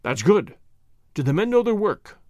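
A man's voice: high-pitched, sing-song, moderate pace, darkish tone, no room sound, studio quality. A man voicing a scheming male revolutionary agent, clipped and commanding, full of impatient fury.

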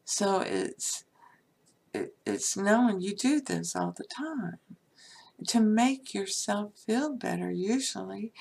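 A woman's voice: medium pitch, vocal fry, a little mellow. A woman giving a casual spiritual teaching talk, chatty and full of "you know" and "okay?", sometimes dropping to a whisper for emphasis. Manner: conversational, frequent "you know" and "okay?" tags.

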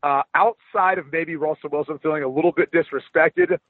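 A man calls in over a thin, phone-like line. He analyzes football in a relaxed, conversational way, with filler ums. His voice is a little high and sounds dry. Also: brisk, dry recording. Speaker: guest analyst. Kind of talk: casual sports analysis. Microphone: phone call.

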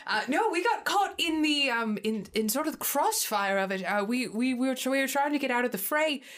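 A woman's voice: high-pitched, expressive, a little fast, a bit bright, voice pushed up. A woman voicing a prim, overly polite woman adventurer who talks in a formal, flustered way.

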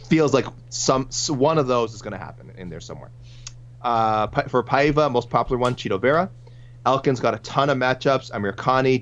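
A man co-hosting a casual sports podcast, running through listener picks in a rambling, self-correcting way. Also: mid-range voice. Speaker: podcast co-host. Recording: muffled lo-fi with faint hum.

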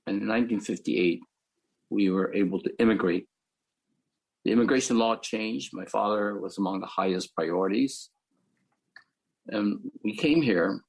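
An older man from the Philippines, calmly telling his life story as a panel speaker. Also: fairly low pitch, normal speed, gravelly, pauses often, slightly rough, low-quality recording. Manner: reflective, matter-of-fact storytelling. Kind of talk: personal storytelling.

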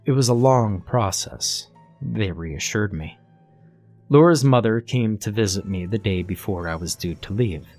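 A man narrating a horror story in a low, hushed delivery. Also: measured pace. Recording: faint music underneath.

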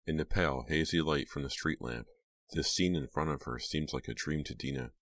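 A man reading an audiobook aloud in a steady, measured way. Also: rumbling low, no echo. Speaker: audiobook narrator. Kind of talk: scripted audiobook narration.

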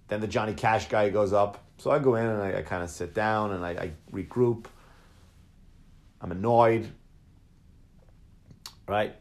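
A man, a comedian, telling a rambling, profanity-laced story in casual conversation, slipping into quick impressions of the people in it. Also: on the low side. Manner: profane, rambling, mimics others in quotes.

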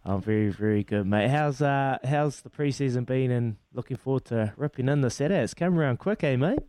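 Matey New Zealand radio host, dry studio sound. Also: male voice, medium pitch, a little fast, dry recording. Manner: relaxed, matey, laughs often. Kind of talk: casual sports radio chat. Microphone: studio mic.

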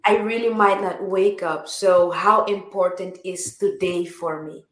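Woman, songwriter guest, lowish pitch, reflective, repetitive phrasing, roomy echo. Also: steady tone, measured pace. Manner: reflective, repeats words and restarts often. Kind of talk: casual interview chat.

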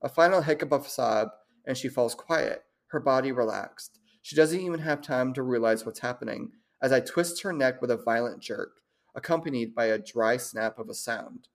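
A woman's voice: rumbling low, moderate pace. Woman reading creepy little stories aloud with a friend, keeps laughing, trips on long words. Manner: laughs often, stumbles over long words. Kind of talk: casual chat and reading short horror stories aloud.

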